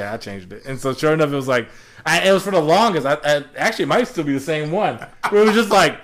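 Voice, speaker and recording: Man, 40s, lively storyteller on a casual chat podcast; slightly raised pitch, swinging intonation. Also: quick pace. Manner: animated storyteller, acts out voices of others. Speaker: podcast co-host.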